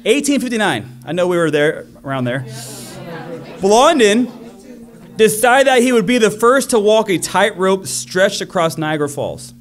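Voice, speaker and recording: A man's voice: sits high, big pitch swings, moderate pace. A man preaching a sermon, telling a story with energy and acting out the crowd's voices.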